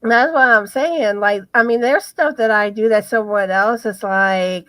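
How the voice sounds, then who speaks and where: A woman co-hosting a casual live stream, talking slowly and loosely with plenty of fillers and restarts. Her voice sounds dry and close to the mic. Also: mid-range voice, a bit bright, no room sound. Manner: rambling, many fillers and restarts. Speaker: co-host.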